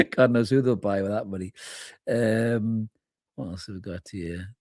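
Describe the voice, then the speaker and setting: A man's voice: on the low side, a little slow, a little mellow, no room sound, clean studio sound. A man hosting a live fan reaction stream, chatting informally as he reads out viewers' comments and calls them mate. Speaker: fan channel host. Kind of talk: live match reaction, reading chat comments.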